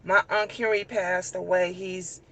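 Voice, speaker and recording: A woman's voice: lowish voice, little pitch movement, normal speed, fairly bright tone, poor audio. A middle-aged woman vlogging in casual chat from a car, telling stories in a rambling, emphatic way with many restarts.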